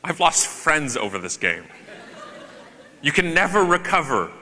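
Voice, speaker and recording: A man giving a conference keynote to a live audience, joking and animated with sarcastic asides, on a stage microphone in a large hall. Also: fairly high pitch, measured pace. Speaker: keynote speaker. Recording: long hall reverb.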